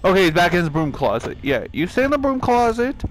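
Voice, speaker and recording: A young man giving let's play commentary on a horror game, panicky and swearing, yelling at the characters on screen. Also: sits high, sing-song, brisk, slight background noise, low-quality recording. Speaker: gaming video creator.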